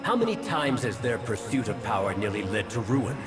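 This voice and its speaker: A man's voice: mid-range voice, big pitch swings, brisk, natural voice. An actor voicing a proud, defiant male elf scholar in a game cutscene, self-assured and scornful. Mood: reproachful. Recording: game cutscene audio with music and reverb.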